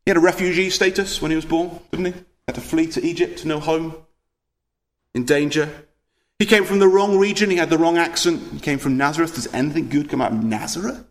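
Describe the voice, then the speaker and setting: High-voiced earnest preacher. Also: male voice, a little fast. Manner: earnest, emphatic, with rhetorical questions and repeated words. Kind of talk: sermon.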